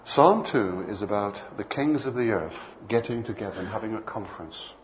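A man's voice: on the low side, animated, moderate pace, slight background noise. An older man preaching a sermon, telling playful anecdotes and acting out bits of dialogue.

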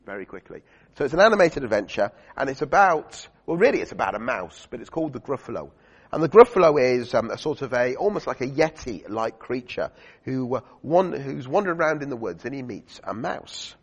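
A man's voice: medium pitch, sing-song, a little fast, breathy edge. A man preaching a sermon to a congregation, chatty, with fillers and questions to the listeners. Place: church. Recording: dull lo-fi recording in a reverberant church hall.

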